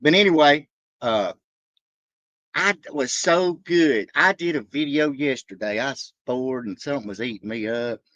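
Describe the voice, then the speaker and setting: A man live-streaming from a truck stop, rambling excitedly and cursing loosely while shouting out his viewers. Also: medium pitch, moderate pace, dry recording, dull audio. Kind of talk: casual rambling livestream chat.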